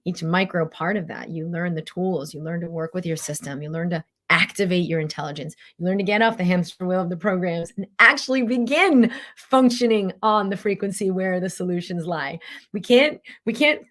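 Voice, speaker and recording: A middle-aged woman talks in a casual, motivational way as a mind-body coach. Her voice sits a little low, and she often jumps up high to act out inner voices. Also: brisk. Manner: animated, acts out inner voices in a high pitch.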